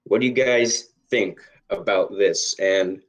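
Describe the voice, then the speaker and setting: A man's voice: fairly low pitch, slow pace, rough recording. A young man cohosting a casual podcast, speaking hesitantly with many fillers. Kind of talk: casual chat.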